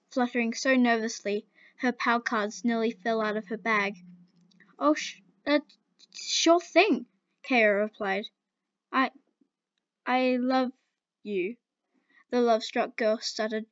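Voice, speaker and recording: A woman's voice: a little high, no echo. A woman casually reading fan fiction aloud, with playful, laughing asides, in a dull lo-fi home recording.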